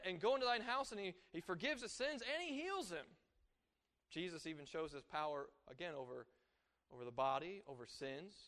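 A man preaching a sermon, animated, rising and falling for emphasis and acting out quoted voices. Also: high voice.

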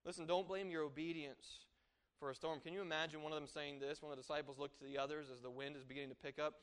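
A man preaching a sermon, animated, rising and falling for emphasis and acting out quoted voices. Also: on the high side, fast, clean tone.

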